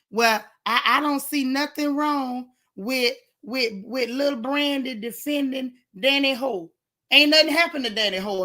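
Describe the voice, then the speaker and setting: Woman gossip host, fired-up sarcastic commentary, bright voice pitched a bit high, addressing the audience directly. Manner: indignant, sarcastic, talks straight to viewers. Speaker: gossip vlogger. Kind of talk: casual commentary.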